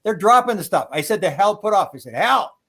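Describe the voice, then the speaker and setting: A man in his sixties from Canada, telling stories in an interview with excitable energy, acting out quoted exclamations, often restarting and laughing. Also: sits high, fast talker. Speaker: UFO researcher telling stories. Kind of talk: animated storytelling interview.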